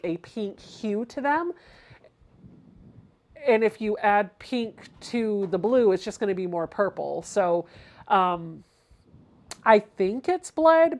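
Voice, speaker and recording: A woman hosting a casual sewing livestream. She chats through each step and reads viewer comments aloud. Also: medium pitch.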